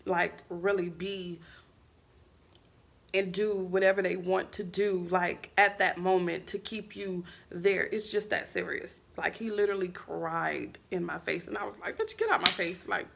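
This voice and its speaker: Gravelly-voiced woman vlogging candidly. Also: on the low side, fairly even intonation, unhurried, a little hiss or hum. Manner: candid, filler-heavy, blunt with profanity. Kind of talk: casual vlog talk to camera.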